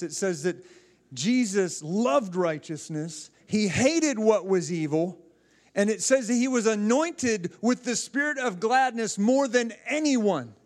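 Fiery high-voiced male preacher. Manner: fiery, emphatic, rhetorical questions. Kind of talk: sermon.

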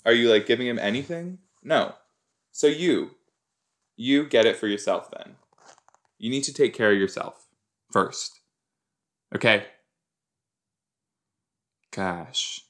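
Male host, unhurried, rambling and chatty, self-deprecating watch-along commentary. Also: mid-range voice, lively intonation, fairly bright tone. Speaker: reaction podcast host. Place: southern Minnesota.

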